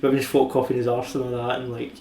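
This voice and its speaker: A man's voice: medium pitch, monotone, racing, crowd noise. A Scottish man co-hosting a podcast, talking bluntly in casual chat and swearing freely. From Scotland. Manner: blunt, swearing, says "aye" a lot. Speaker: podcast co-host.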